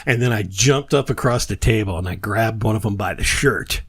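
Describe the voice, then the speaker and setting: Animated storytelling man, dry close sound. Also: lowish voice, moderate pace, husky, no echo. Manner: animated storyteller, acts out quotes. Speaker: podcast host. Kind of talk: casual storytelling chat.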